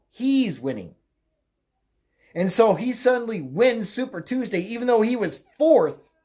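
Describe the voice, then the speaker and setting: A medium-pitched, darkish voice belongs to a political commentator delivering an opinionated rant by himself. His tone is crude and mocking, the talk rambles with fillers and self-corrections, and he laughs often at his own jokes.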